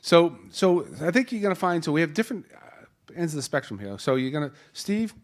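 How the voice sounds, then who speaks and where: Moderating a live panel in a conference hall, a Boston-accented man speaks into a handheld mic with a fairly high, sing-song voice at a slightly fast clip. He jokes and rambles through the introductions, restarting often.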